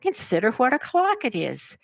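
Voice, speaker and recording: A woman voicing a fussy, flustered old queen who talks in a raised voice and breaks into shrill wailing cries. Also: huge pitch swings, normal speed, gravelly, dry recording, exaggerated voice, rough recording. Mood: pleading.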